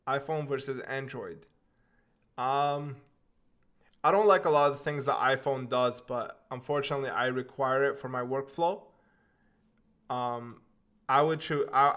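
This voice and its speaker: A man's voice: mid-range voice, fairly bright tone. A young man hosting a live stream, reading out viewer questions and answering them in an offhand, casual way. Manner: laid-back and offhand, often says "man". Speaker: livestream host.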